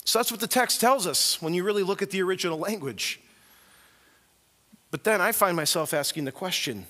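Animated and fairly quick, a male pastor's fairly high, bright voice fills a big sanctuary with long reverb. His sermon is earnest and emphatic, swinging from hushed asides to forceful declarations as he tells the story.

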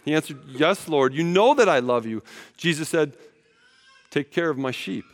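Animated preacher man in a reverberant hall. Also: a little high, normal speed. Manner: conversational, animated storytelling with acted-out quotes. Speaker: pastor. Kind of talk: sermon.

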